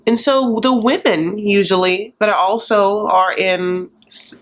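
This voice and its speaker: A woman's voice: medium pitch, slow. A woman hosting a YouTube recap channel, giving casual, sassy commentary full of campy, gossipy asides.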